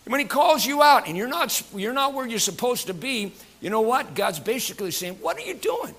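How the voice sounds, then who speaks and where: A man pastor preaching a sermon in a folksy, joking way with many fillers, going from quiet asides to loud emphatic passages. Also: very high voice, lively intonation, fairly quick.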